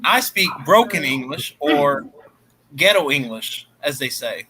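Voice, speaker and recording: A man's voice: fairly high pitch, lively intonation, unhurried, pushed and bright, a little hiss or hum, low-quality recording. A man from Ohio with a Southern US accent, chatting bluntly and swearing casually as a co-host. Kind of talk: casual chat on a livestream.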